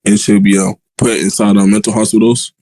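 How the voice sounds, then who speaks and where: A man arguing in a casual voice chat debate, talking in a put-on Jamaican-style accent and filling his sentences with drawn-out "like". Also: lowish voice, little pitch movement, dark tone, no echo.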